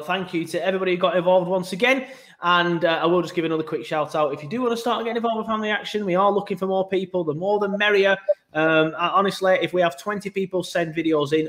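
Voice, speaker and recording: A man's voice: sits high, a bit bright. A man hosting a football fan podcast, upbeat and talking straight to his listeners with the odd filler. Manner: upbeat, quick, thinks aloud with fillers. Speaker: podcast host.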